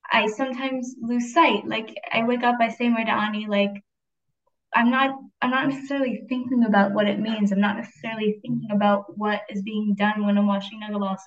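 A young woman interviewing a guest, soft-spoken and casual, often saying "like". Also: medium pitch, dull audio.

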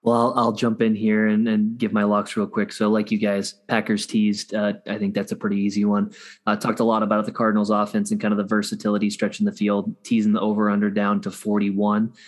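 A man co-hosting a sports betting chat, relaxed and playful, with many fillers. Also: lowish voice, fairly quick. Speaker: podcast co-host.

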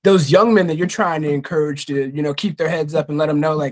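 A man's voice: fairly high pitch, quick pace, hardly any pauses. A young man hosting a casual podcast, talking in an earnest, heartfelt way and swearing freely. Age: young adult. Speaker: podcast host.

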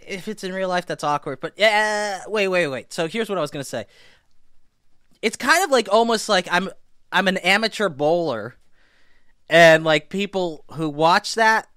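Guy rambling on a podcast, kinda high voice, lots of um and restarts, dry close sound. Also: smooth, dry recording. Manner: rambling with many restarts and fillers; animated when retelling a story. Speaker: podcast guest, YouTuber. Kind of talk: casual chat.

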